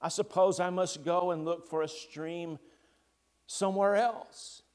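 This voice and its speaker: A man's voice: high voice, steady tone, measured pace, a little mellow, clean tone. A man voicing a frightened, thirsty young girl in a storybook reading during a sermon, hesitant and pleading.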